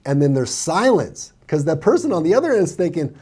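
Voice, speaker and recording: A man with a warm, mellow voice that swings up and down a lot as he talks, running through numbers and sales tactics in lively commentary. He often slips into quick impressions of clients. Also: husky. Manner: animated, acts out buyers' lines in a higher voice. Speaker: real estate coach reacting to a sales call. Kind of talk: commentary on a played clip.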